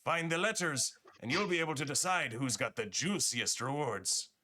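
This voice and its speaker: A shifty merchant pitched well above his speaker's own voice, slick and bright-toned, as a game master puts him on. He pitches deals with a wavering, vaguely European accent that drifts, swooping up and down as he bargains. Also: very animated, normal speed. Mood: sly. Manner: sly wheeling-dealing patter in a shaky put-on European accent. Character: scheming male fantasy gun merchant and matchmaker.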